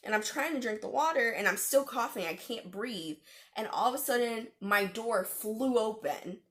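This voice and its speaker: A woman's voice: fairly high pitch, lively intonation, normal speed. A young adult woman vlogger telling a personal story to camera in a casual, chatty way, full of slang and fillers.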